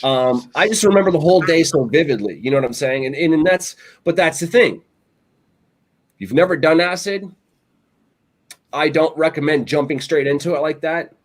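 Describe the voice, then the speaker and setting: A man's voice: a little high, moderate pace. Male co-host, loose rambling storyteller, casual podcast banter. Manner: rambling storyteller, animated, lots of "like" and "you know". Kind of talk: casual chat.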